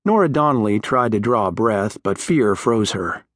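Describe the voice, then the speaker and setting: Low-voiced male audiobook narrator. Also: animated, moderate pace, fairly bright tone, no echo, clean studio sound. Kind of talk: scripted narration.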